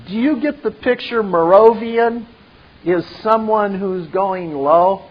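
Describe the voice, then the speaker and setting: A man slowly retelling a film scene and adding his own commentary. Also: high-pitched. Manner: slow, deliberate. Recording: dull lo-fi recording.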